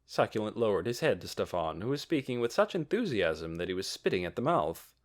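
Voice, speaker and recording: A man narrating an audiobook with expressive reading. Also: on the low side, fairly quick, few pauses.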